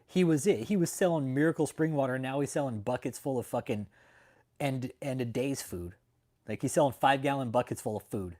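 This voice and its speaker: A man's voice: medium pitch, brisk, darkish tone. A man hosting a casual livestream, talking to his chat in a profane, mocking way and laughing often. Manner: greets chat viewers by name. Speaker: livestream host.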